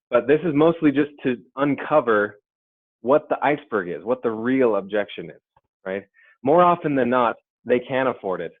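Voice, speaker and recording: Low-voiced man on a tinny webinar line. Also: no echo. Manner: conversational, often adds "right?" and "okay?". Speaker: sales trainer. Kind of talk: webinar training talk. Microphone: computer or headset mic on a webinar. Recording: dry, phone-like webinar audio.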